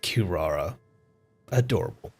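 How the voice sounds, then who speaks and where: Excitable man streaming, swearing freely. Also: low voice, a little slow, breathy edge, faint music behind. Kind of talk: casual live-stream commentary.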